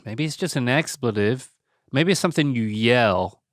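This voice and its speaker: A middle-aged man, hosting a casual podcast with lively, laughing, mock-exasperated reactions. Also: mid-range voice, moderate pace, no room sound, clean studio sound. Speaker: podcast host.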